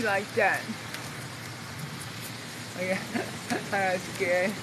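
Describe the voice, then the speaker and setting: Standing on an eighth-floor balcony outdoors during a thunderstorm, a woman films on a phone held in her hands and gives excited live commentary, gasping, exclaiming, and shrieking when strikes land close. Her voice is fairly low and animated, slow, with frequent pauses. Loud rain noise fills the phone mic.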